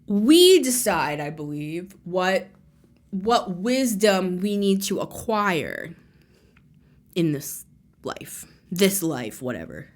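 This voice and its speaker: Slow, musing woman tarot reader. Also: fairly low pitch, very animated. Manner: musing, laughs often, swings from loud to near-whisper. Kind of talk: casual spiritual monologue.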